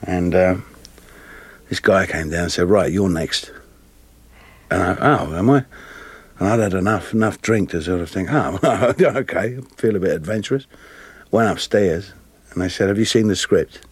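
A man with a Cockney accent, a guest actor telling lively anecdotes with frequent laughter. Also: deep voice, normal speed, husky, no echo. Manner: animated, laughing often, plays voices in his stories. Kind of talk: storytelling interview anecdotes.

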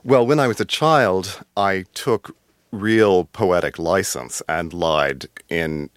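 A very low-voiced man with a put-on, refined British-tinged American accent reads from his memoir and then answers questions. His delivery is deliberate and noticeably artificial, broken by pauses and fillers when he speaks off the cuff. The sound is close and dry. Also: no room sound. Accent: affected refined British-tinged American. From United States. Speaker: memoir author, guest.

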